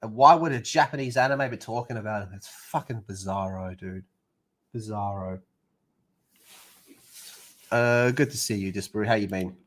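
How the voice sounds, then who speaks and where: A man's voice: lowish voice, normal speed, pauses often. A young man streaming, chatting and ranting in a casual, profane way.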